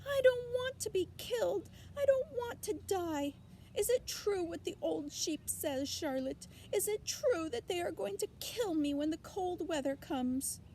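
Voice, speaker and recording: Woman voicing a shrill sobbing piglet boy, high wailing voice, wild swoops, storybook reading. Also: sing-song, moderate pace, darkish tone, a little hiss or hum. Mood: pleading. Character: panicking young male pig, tearful.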